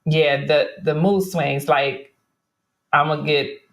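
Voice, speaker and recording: A woman's voice: sits low, steady tone, takes it slowly, vocal fry, a bit bright, reverberant. A woman in her forties hosting a podcast, candidly and animatedly telling personal stories in casual chat. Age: 40s. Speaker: podcast host.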